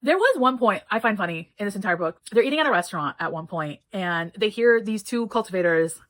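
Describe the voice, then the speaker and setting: A woman's voice: mid-range voice, animated, fairly quick, a bit bright, rough recording. A woman giving a casual book review, rambling and swearing freely as she chats. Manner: rambling, profane, chatty.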